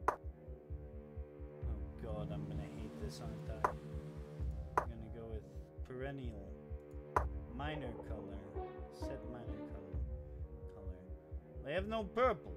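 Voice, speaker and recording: A man's voice: lowish voice, expressive, unhurried, long pauses, over loud music. A man hosting a let's play in casual game commentary, sarcastic and exclaiming, swearing freely, recorded at home on a rolling chair.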